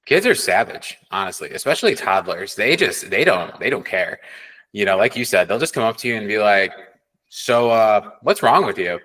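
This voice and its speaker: A man's voice: lowish voice, animated, a little fast, sharp tone, breathy edge, rough recording. A young man from the Chicago area co-hosting a podcast, telling stories candidly and acting out other people's lines. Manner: earnest, candid storyteller who acts out voices. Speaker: podcast co-host. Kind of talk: casual chat.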